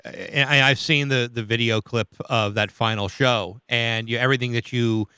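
Brief: male interviewer, crisp and smooth, dry close sound, short prompting questions. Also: medium pitch, fairly even intonation, moderate pace, pushed and bright, no room sound. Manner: brief affirmations, probing follow-ups.

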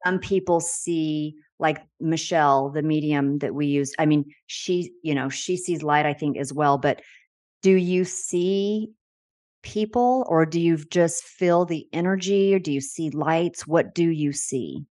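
A woman with a low, deep voice hosts an interview, asking curious questions that wander before they land. The sound is dry and close, with no room around it. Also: unhurried, darkish tone, dry recording. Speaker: podcast host. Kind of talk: conversational interview.

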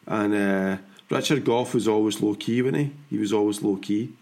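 A Scottish man in his forties hosting a podcast, chatting in a rambling, animated way and laughing often. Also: lowish voice, normal speed. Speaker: podcast host. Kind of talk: casual chat.

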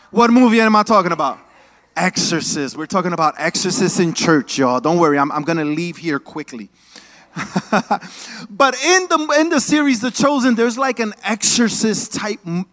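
Male preacher with a high voice, lively and joking, drawing the congregation into call-and-response. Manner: casual, joking asides. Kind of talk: sermon. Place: church.

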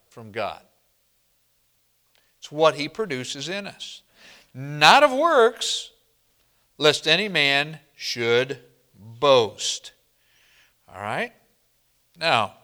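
Male pastor, slow deliberate sermon delivery, higher voice, call-and-response style. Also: sharp tone. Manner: slow, emphatic preaching with call-and-response questions.

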